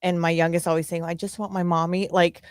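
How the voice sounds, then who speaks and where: A woman's voice: fairly low pitch, level tone, fast, clear, resonant tone, no echo, studio quality. A middle-aged woman co-hosting a podcast, telling stories with emotion in casual chat. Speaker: podcast co-host.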